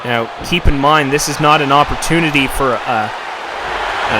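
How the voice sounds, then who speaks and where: A man doing play-by-play commentary for a video game wrestling show, getting excited and shouting at the big moments. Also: mid-range voice, a little slow, very noisy. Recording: loud music and crowd behind.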